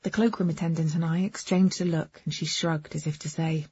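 Husky, low-voiced woman narrating a novel. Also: steady tone, brisk, mellow, lo-fi sound. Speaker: audiobook narrator. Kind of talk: first-person novel narration.

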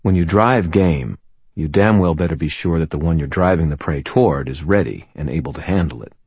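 A man narrating a first-person audiobook in a dry, wry storytelling manner with steady pacing. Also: very deep voice, brisk, husky, no echo.

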